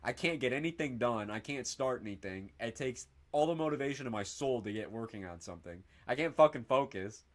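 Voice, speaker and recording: A young man from northern Indiana rambles through a casual livestream, reacting to viewer comments with excitable energy. He swears freely and drops "bro" every few words. His voice sits at a middle pitch, neither deep nor high. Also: a little fast, few pauses. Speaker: streamer.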